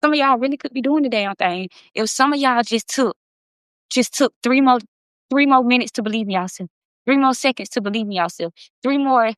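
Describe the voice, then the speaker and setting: A woman's voice: a little high, a little fast, fairly bright tone, dry recording. A woman of about thirty hosting a casual livestream, talking in an emphatic, impassioned way and swearing freely. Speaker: livestream host.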